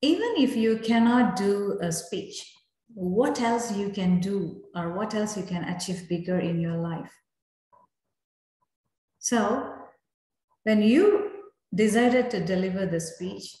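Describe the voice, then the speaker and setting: A woman leading a youth speaking club meeting, giving slow, encouraging feedback and inviting speakers. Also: medium pitch, dark tone. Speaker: meeting evaluator. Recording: very echoey room.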